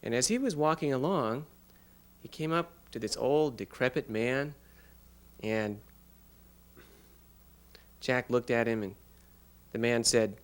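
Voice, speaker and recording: A man interpreting a child's signed story aloud, narrating a fairy tale in an unhurried, halting way with pauses. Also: mid-range voice. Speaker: sign language interpreter voicing a child.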